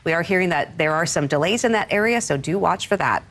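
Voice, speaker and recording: A woman's voice: fairly low pitch, lively intonation, quick pace, fairly bright tone, slight background noise. A woman hosting a live morning TV news show, conversationally presenting items and chatting with co-hosts.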